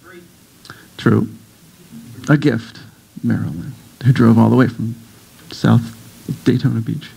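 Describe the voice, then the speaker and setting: Taking it slowly, a middle-aged man speaks in a dark, breathy, mid-range voice with vocal fry and fairly even intonation. He is a guest breathwork teacher giving a jokey, casual talk to a church audience in a congregation hall, playfully acting out voices as he tells stories. The recording is rough.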